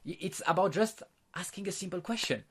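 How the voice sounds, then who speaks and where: Here the social-skills teacher's voice is high, fairly quick, and slightly rough. Addressing the camera, he explains things step by step in plain, repetitive language, with slightly non-native phrasing, and performs quoted example lines.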